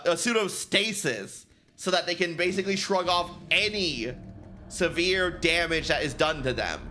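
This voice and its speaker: Bright-voiced, rambling, profane male streamer. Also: sits high, slight background noise. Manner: rambling, profane, laughs often. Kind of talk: casual gaming stream chat. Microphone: headset.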